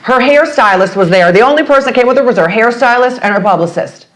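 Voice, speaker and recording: A woman chatting as a podcast guest. She tells stories with energy and jumps into high, bright voices when she quotes other people. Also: fast talker. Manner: animated storyteller, acts out quotes with big pitch jumps. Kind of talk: casual chat.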